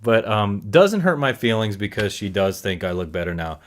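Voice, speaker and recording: Man, forties, low voice, rambling reflective vlogger who corrects himself mid-thought. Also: sing-song, moderate pace. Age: 40s. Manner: rambling, self-correcting, musing aloud. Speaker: recovery vlogger. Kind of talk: reflective casual monologue.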